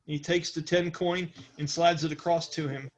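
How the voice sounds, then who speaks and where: A man's voice: on the high side, steady tone, normal speed. Man running a tabletop game. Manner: sarcastic character voices woven into narration. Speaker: game master. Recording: faint music behind.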